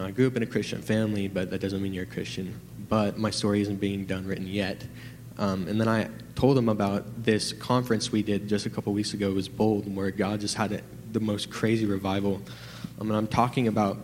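A man's voice: fairly low pitch, big-room sound, slight background noise. Nervous young man telling a testimony. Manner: excited, rambling with many fillers. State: nervous, trembling. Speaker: testimony giver. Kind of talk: personal testimony in church.

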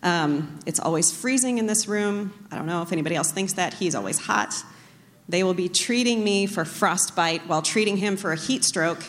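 A woman's voice: fairly low pitch, moderate pace. A woman speaking casually at a church talk, chatty and self-deprecating as she tells a personal story. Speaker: co-speaker, pastor's wife. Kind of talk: casual sermon talk with anecdotes. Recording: long reverb of a large hall.

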